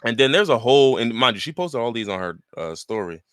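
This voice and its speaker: A young man co-hosting a casual podcast, animated and laughing often, reading out posts in mocking voices. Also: medium pitch, fast talker, clear, resonant tone, no room sound, clean studio sound. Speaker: podcast co-host. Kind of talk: casual chat.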